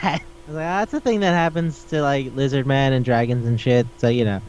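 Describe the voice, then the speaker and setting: A man co-hosting a casual podcast about anime and manga. He talks animatedly, swears freely and keeps slipping into quick voices for the characters. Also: medium pitch, a little mellow, a little hiss or hum. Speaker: podcast co-host. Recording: dull lo-fi sound.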